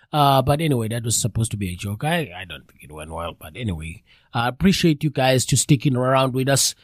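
A man's voice: mid-range voice, sing-song, a little fast, dry recording, studio quality. A man with a stuffy, congested voice from a cold, chatting casually as a live radio show host and talking straight to his listeners. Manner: chatty, addresses listeners directly.

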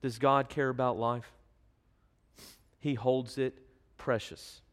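A man's voice: mid-range voice, little pitch movement, takes it slowly. Earnest male preacher in a reverberant hall. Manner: earnest storytelling, reading scripture aloud. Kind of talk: sermon.

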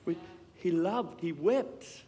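Impassioned preacher, high voice, long reverb. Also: male voice, animated, slow. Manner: impassioned, swings between loud and hushed. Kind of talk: sermon.

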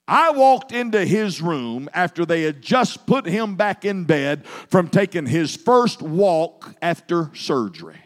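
Man, pastor preaching a sermon, high voice, long hall reverb, measured then fervent delivery. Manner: builds from low, measured phrases to loud, fervent preaching.

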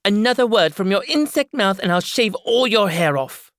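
A man's voice: lively intonation, measured pace, fairly bright tone, no echo, studio quality. A man reading an audiobook, voicing a brash, faded older woman who mocks and scolds. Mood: scornful. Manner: shrill, mocking, theatrical. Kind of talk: audiobook character voice.

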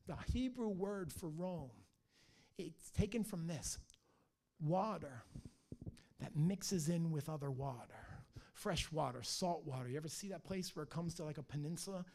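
A middle-aged man preaching a sermon in a church, telling stories with animated energy and frequent restarts. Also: a little high, unhurried, slight background noise. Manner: animated storytelling, restarts and stammers. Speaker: pastor.

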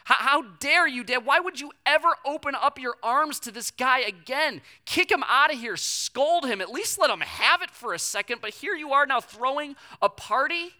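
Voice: sits high, lively intonation, normal speed, few pauses, sharp tone, voice pushed up, heavily acted. A preacher voicing an angry, resentful older son, a young man accusing his father. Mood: indignant. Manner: indignant, accusing.

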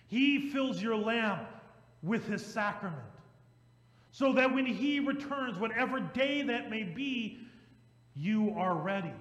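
A man preaching a sermon as pastor, reading hymn verses slowly and emphatically between casual asides. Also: high voice, roomy sound, in a large hall, poor audio. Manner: conversational asides with restarts.

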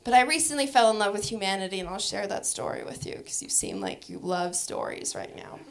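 A woman's voice: medium pitch, lively intonation, a little fast, creaky. A young adult woman performing a stand-up comedy set, brash and profane, often laughing through her lines.

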